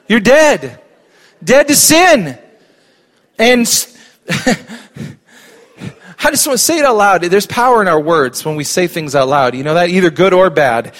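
A man's voice: high-pitched, expressive, a little slow, long pauses, fairly bright tone. A middle-aged male pastor preaching a sermon in church, emphatic and calling on the congregation to respond.

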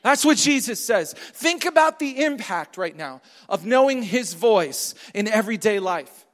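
High-voiced preaching man, echoing hall. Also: lively intonation, unhurried. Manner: emphatic, repetitive, questions the congregation. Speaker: pastor. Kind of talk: sermon. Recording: long hall reverb.

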